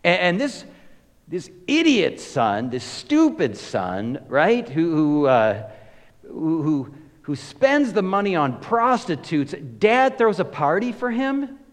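A preacher putting on a spitting-mad older brother. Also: male voice, high-pitched, big pitch swings, slow, pitched above the performer's own voice, heavily acted. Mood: angry. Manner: ranting, exasperated. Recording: echoey hall with long reverb.

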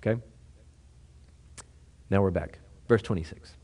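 A man's voice: low voice, measured pace, darkish tone, breathy edge. A man preaching a sermon as a pastor, talking casually and conversationally, with asides and restarts.

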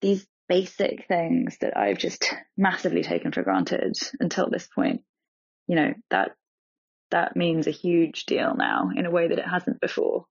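Low, gravelly woman reflecting in a recorded message. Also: sing-song, no echo, dull audio. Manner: reflective, measured.

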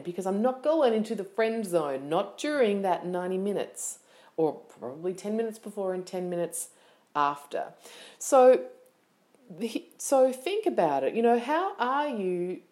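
A young woman, a yoga teacher hosting a solo podcast, talking in a lively, animated way with quick asides. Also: mid-range voice.

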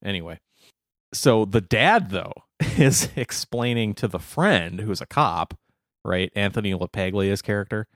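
Chatty man with a low voice. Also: animated, measured pace, a bit bright, no room sound, studio quality. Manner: laughs often, slips into mock accents when quoting. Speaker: podcast co-host. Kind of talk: casual chat.

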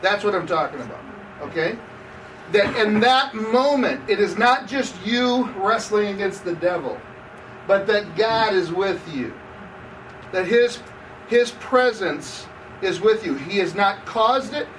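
A man's voice: high voice, expressive, measured pace, a bit bright, far from the mic, slight background noise, rough recording. A man preaching a conversational sermon, asking the audience questions as he goes. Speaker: campus pastor. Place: room with seated audience.

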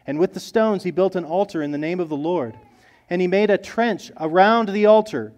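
Man preaching with swings in volume. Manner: earnest preaching, swings from loud emphasis to soft low asides. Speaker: pastor. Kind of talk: sermon.

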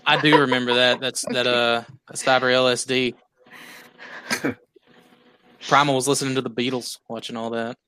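A man's voice: medium pitch, flat delivery, normal speed, long pauses, bright, forceful tone, clean tone, no room sound. A man hosting a podcast in casual chat, rambling with lots of fillers and laughs. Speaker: podcast host.

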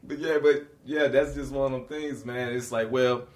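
A man co-hosting a casual faith talk, animated and often laughing as he preaches. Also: medium pitch, moderate pace.

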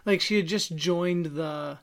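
A woman's voice: fairly low pitch, a little slow, creaky. Candid storytelling woman. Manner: candid storytelling, acts out quoted lines loudly. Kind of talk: casual chat.

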